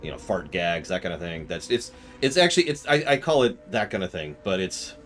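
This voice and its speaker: A man's voice: low-pitched, sing-song, fairly quick, fairly bright tone, soft background music. A tired man with a sore throat, rambling through opinionated commentary and reading chat aloud during a live game stream.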